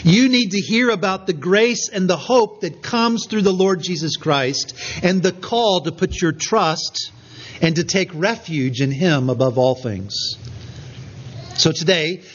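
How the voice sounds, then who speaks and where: Male pastor, high voice, measured sermon delivery. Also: husky. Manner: earnest, measured preaching with scripture reading. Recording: dull lo-fi recording.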